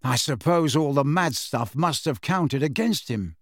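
A man's voice: a little high, animated, unhurried, no room sound, studio quality. A man doing a wry teenage joker. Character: teasing teenage twin boy, wry joker.

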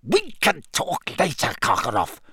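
A man's voice: on the high side, huge pitch swings, measured pace, bright, forceful tone, breathy edge, dry recording, heavily acted. A man voicing a cold, irritable male potions teacher who mutters and snaps his words out short. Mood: curt snarling. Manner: muttering, snapping, clipped.

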